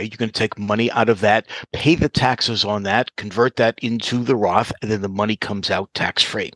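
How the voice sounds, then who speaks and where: Male advisor guest, lowish voice, dry sound, patient explanatory manner. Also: fairly bright tone, dry recording. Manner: explanatory, walks through examples step by step. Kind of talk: interview answers.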